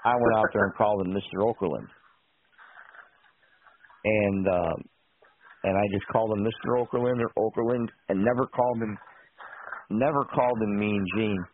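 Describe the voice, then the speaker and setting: A man's voice: fairly low pitch, steady tone, moderate pace, pauses often, a little hiss or hum. A male radio host in casual call-in chat who tells rambling stories full of asides. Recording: tinny phone line.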